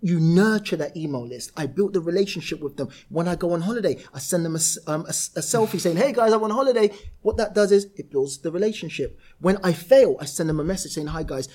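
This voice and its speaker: A man with a British accent, a guest on a podcast interview, telling lively stories about his work and voicing other people in quotes. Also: fairly high pitch, fast, few pauses. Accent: British English. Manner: animated storyteller, voices others in quotes. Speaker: property entrepreneur guest.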